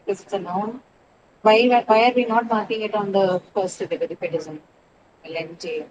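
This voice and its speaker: A woman teaches an English lesson, working through word stress patiently and spelling out suffixes letter by letter. She keeps turning to her students with questions. There is a clear layer of noise behind her voice. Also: mid-range voice, steady tone, a little fast, muffled recording.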